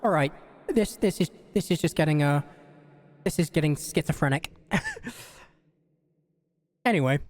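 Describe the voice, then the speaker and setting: A woman's voice: low-pitched, measured pace, pauses often, a little mellow, dry recording, studio quality. Chatty Scouse woman streamer. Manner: chatty, sweary, laughing at herself. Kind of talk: live game stream chat.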